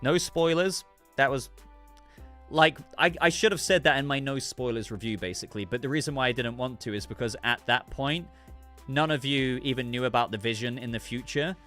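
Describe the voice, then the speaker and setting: Faint music plays behind this man's mid-range, slightly bright voice, which moves fairly quickly. He's hosting a casual stream, chatting in a rambling, self-interrupting way, reading messages while sounding congested and coughing.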